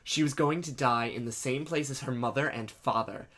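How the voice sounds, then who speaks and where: Bright-voiced man reading fanfic. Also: mid-range voice, moderate pace. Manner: dramatic reading broken by jokes and swearing. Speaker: reader and co-host.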